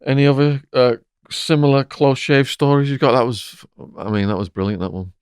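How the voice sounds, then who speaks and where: A man's voice: mid-range voice, fairly even intonation, a little fast, clean tone, no echo, studio quality. A man hosting a podcast, putting brief, attentive questions to his guest. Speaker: podcast host. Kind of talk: interview questions.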